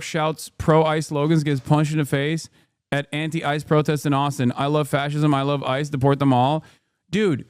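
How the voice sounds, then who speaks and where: A man streaming casual reaction commentary, ranting in an animated, profane, rambling way into a close mic. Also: high-pitched, clear, resonant tone, no echo. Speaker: streamer host.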